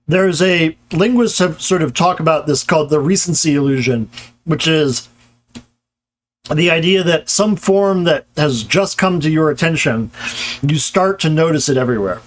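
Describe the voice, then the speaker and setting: A man's voice: fairly high pitch, a little slow, long pauses. A man giving a live-streamed grammar lecture, talking casually with many fillers and restarts while answering chat.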